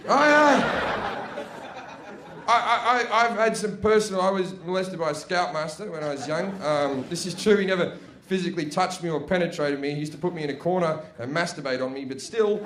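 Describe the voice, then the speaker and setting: Brash high-voiced Australian comic, echoey room. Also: male voice, brisk, crowd noise. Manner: brash, profane, chatty with tag questions. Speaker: stand-up comedian. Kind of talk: stand-up comedy set. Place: live comedy venue on stage. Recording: echoey noisy live room.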